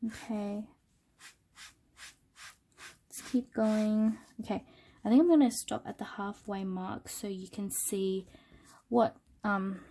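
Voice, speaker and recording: A woman with a cold gives a casual, unscripted product review into a smartphone. Her voice is nasal and her tone is warm and mellow. She talks through her work loosely, with frequent ums and pauses. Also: mid-range voice, vocal fry. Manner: relaxed, thinking aloud with many ums while working. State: sick with a cold. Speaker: art channel host.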